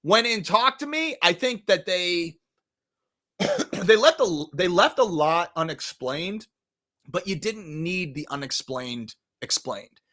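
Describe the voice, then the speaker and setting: A man hosting a movie review show in casual chat, animated and jokey, often swearing and acting out scenes. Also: high voice, takes it slowly. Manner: animated, jokey, profane, acts out scenes in put-on voices. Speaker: podcast host reviewing movies.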